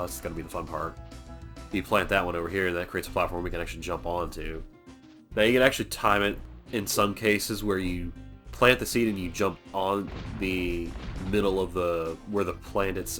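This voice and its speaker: A man with a low voice talks casually over his gameplay as a let's play host. He rambles and pokes fun at himself in a chatty way. Faint music plays underneath. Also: a bit bright. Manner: rambling, self-deprecating, chatty. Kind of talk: casual game commentary.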